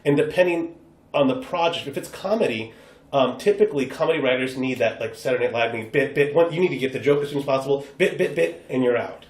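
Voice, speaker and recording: The recording has a roomy echo and captures a man from the United States with a mid-range voice and quick pace. As a guest on a podcast, the improv performer chats easily and brings his stories to life by acting out the voices he quotes.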